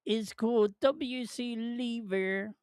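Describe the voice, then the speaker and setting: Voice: mid-range voice, takes it slowly, dry recording, clean studio sound. A host, chatting casually on a live watch-along stream, rambling and jokey, laughing often and putting questions to the chat.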